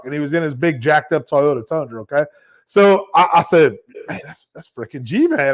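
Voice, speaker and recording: Man, Louisiana accent, host, lively storyteller, somewhat high voice. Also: moderate pace. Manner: animated anecdote teller, acts out quotes. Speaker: show host. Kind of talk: casual storytelling chat.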